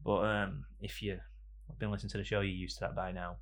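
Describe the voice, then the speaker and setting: Male podcast host, casual studio banter, low and gravelly. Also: flat delivery, fast, slight background noise. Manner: joking, rambling banter with sudden loud bursts. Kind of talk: casual chat. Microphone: studio microphone.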